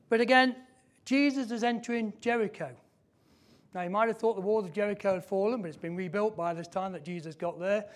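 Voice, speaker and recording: A high-pitched man delivers a sermon in a church. He speaks emphatically, repeats his key phrases and slows down to press a point home. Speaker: preacher.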